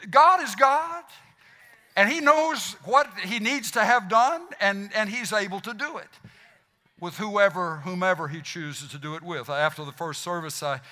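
A man with a Southern US accent preaching a sermon as pastor, animated and fired up, stumbling over restarts as he goes. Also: sits high. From South Mississippi. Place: church sanctuary. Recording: long hall reverb.

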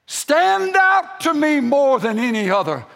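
A man's voice: very high-pitched, sing-song, measured pace, vocal fry, a bit bright, in a large hall. An older man, a grandfather, preaching a sermon with folksy storytelling and emphatic peaks. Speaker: pastor.

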